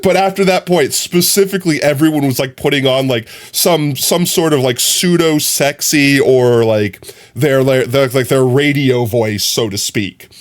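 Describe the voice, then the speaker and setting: A young man chatting casually on his live stream, telling stories in an animated, rambling way full of fillers. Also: medium pitch, normal speed. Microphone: streaming from a phone.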